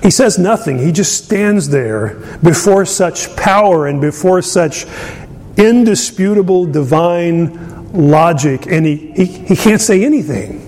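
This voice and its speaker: A man preaching a conversational sermon, chuckling often and filling pauses with ums and uhs. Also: lively intonation, a little mellow. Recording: long hall reverb, faint rumble.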